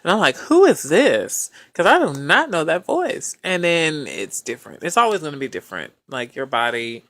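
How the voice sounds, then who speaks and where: A woman's voice: deep voice, big pitch swings, fairly quick, sharp tone, dry recording. A woman co-host in a casual chat, responding and laughing along. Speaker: podcast co-host.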